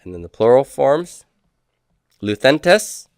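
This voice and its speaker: A man's voice: fairly low pitch, normal speed, smooth, dry recording. A man teaching a recorded lesson, asking his class questions and then answering them himself, and drilling word forms aloud. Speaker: Greek teacher. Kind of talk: recorded lecture.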